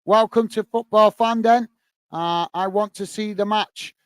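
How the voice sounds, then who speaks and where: A man's voice: high-pitched, fairly even intonation, unhurried, clean tone, no room sound. Chatty British-channel man commentating a match. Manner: chatty, calls viewers "mate". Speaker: watch-along host. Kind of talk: live match commentary and chat with viewers.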